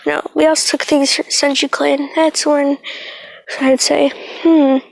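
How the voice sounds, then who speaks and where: A woman's voice: high voice, flat delivery, unhurried, gravelly, no echo, rough recording. A woman improvising a fan story, narrating hesitantly with many fillers.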